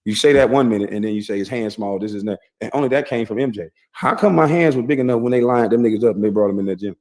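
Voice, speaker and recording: A man's voice: lowish voice, racing, darkish tone. A man, heard in a played clip, casually telling boastful, rambling stories with heavy profanity. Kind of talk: casual storytelling.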